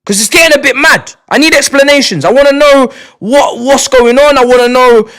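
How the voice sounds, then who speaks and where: A man, chatting live on stream to his viewers, excitable, repeating and stumbling over words, sometimes shouting. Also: brisk. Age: 20s. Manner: shouts in bursts, then drops to low mutters. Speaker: livestreamer.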